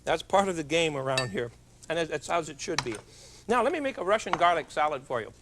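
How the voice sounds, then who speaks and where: A man's voice: fairly high pitch, animated, fast, noisy background. A middle-aged man hosting a television cooking show, chatty and jovial with joking asides as he demonstrates in a studio kitchen.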